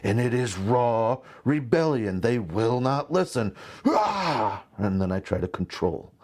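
A man in his thirties delivers a sermon in a relaxed, conversational way, slipping into stories and asides. His voice sits on the low side and sounds warm and mellow. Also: unhurried. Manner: conversational, animated storytelling with asides. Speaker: pastor.

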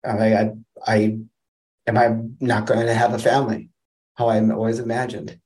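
A man's voice: fairly low pitch, level tone, normal speed, darkish tone. A young man from Wisconsin, a podcast guest, tells a personal story in a casual, rambling way, full of restarts. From Wisconsin, USA.

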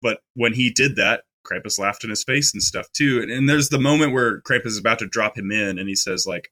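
A man with a lowish voice that still has a bright, forward edge, talking in a loose, chatty way. He hosts a casual film podcast, recapping a movie with fillers and quick restarts. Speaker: podcast co-host.

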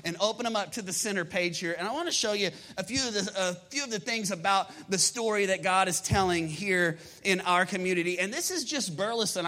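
A man, a pastor preaching a sermon to his congregation, energetic and emphatic, often asking the room rhetorical questions. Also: high voice. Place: church sanctuary.

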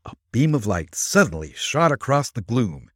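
Male podcast narrator, expressive dramatic reading, dry close mic. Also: medium pitch, normal speed, breathy edge, no room sound. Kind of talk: storytelling narration.

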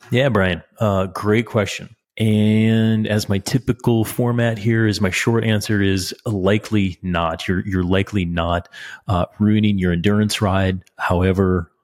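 Middle-aged male coach, very deep voice, relaxed explainer, podcast host. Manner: relaxed, explanatory, frequent restarts and small laughs. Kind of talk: casual podcast talk answering a listener question.

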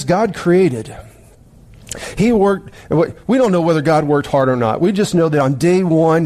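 A man's voice: a little high, warm tone. A middle-aged man preaching as a pastor, telling a dream in a rambling, emphatic way with many restarts. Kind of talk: sermon with dream story.

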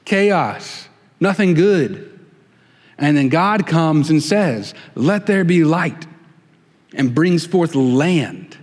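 A man preaching a sermon in a relaxed, conversational way with folksy asides. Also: a little high, big-room sound. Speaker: pastor.

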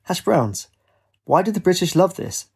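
A man's voice: high-pitched, sing-song, normal speed, creaky, breathy edge, pitched above the performer's own voice, heavily acted. A man voicing a boisterous, teasing middle-aged Italian father with an Italian accent. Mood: jovial. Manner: bellowing, teasing.

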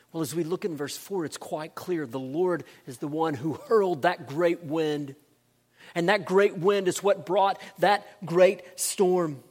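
A man reading scripture aloud and preaching, with emphatic, dramatic delivery. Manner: emphatic, rises in pitch and volume for dramatic scenes. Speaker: pastor. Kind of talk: sermon, scripture reading and teaching.

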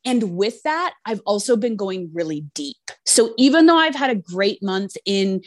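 A woman's voice: medium pitch, expressive, a little slow, no room sound, studio quality. A woman co-hosting a podcast, talking in a reflective, earnest and loosely phrased way in casual chat. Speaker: podcast co-host.

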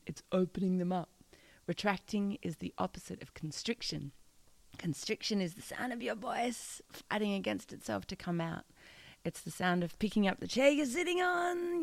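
A woman's voice: mid-range voice, animated, normal speed, vocal fry, dry recording. A playful, encouraging woman teaching a singing lesson and demonstrating odd vocal sounds.

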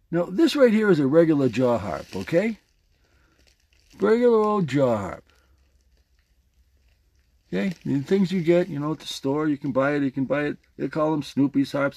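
A man's voice: on the high side, animated, moderate pace, pauses often, darkish tone. A man hosting his own podcast, talking casually and playfully while demonstrating a jaw harp with a motivational message. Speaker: podcast host. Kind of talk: casual motivational vlog talk.

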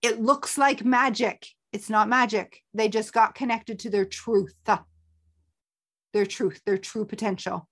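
A woman hosting a motivational talk as a coach, energetic and emphatic, with playful sound effects. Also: mid-range voice, measured pace, slightly rough. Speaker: motivational coach and podcast host.

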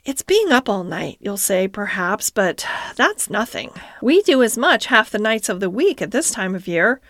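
Mole, a woman doing a gentle, weary little mole. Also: big pitch swings, normal speed, no room sound, clean studio sound. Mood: wistful. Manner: soft, wistful, raised pitch. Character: gentle weary male mole, humble and wondering. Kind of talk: storybook character voice.

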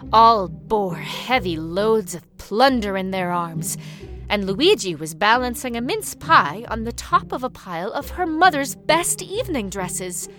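A woman with a mid-range voice reads aloud from a children's storybook, narrating in a measured, expressive way.

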